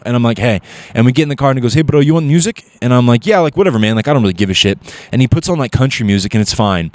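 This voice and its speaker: Animated, profane man telling stories. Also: medium pitch, no echo. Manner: animated, profane, acts out quotes. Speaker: guest comedian. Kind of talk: casual comedic storytelling.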